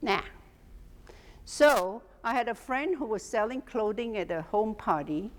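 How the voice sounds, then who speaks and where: A middle-aged woman teaching a class as a hypnotherapy instructor, telling lively stories and laughing often. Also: on the high side, measured pace. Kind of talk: storytelling lecture to a class. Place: teaching room with an audience. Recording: long hall reverb.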